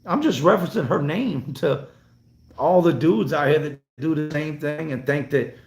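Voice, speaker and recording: A man's voice: a little high, normal speed. A man in his forties from North Carolina, hosting a casual live stream and reading out viewer comments in a blunt, profane, rambling way. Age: 40s. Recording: roomy echo.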